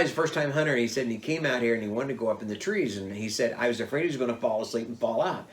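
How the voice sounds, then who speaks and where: An older man telling old hunting stories in a lively way, jumping up in pitch when he acts out what people said. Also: very fast, few pauses. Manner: animated, acts out quotes with big pitch jumps. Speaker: storyteller.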